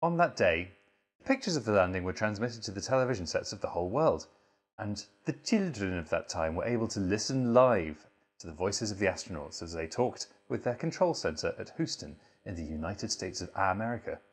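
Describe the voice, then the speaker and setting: A man hosting a mock reading and lecture, delivering it deadpan with sudden swearing asides. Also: fairly low pitch, brisk. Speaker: host reading aloud.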